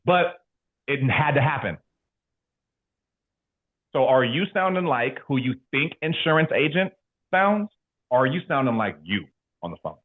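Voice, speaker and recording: A young man from California in his twenties, giving a motivational sales team talk as an animated, slangy storyteller. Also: medium pitch, measured pace, pauses often. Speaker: insurance sales trainer. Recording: tinny phone-like sound.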